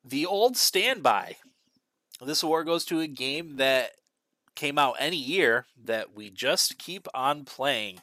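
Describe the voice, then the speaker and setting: Bright-voiced man handing out awards. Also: on the high side, lively intonation, slow, dry recording, clean studio sound. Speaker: podcast host presenting awards. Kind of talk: casual chat.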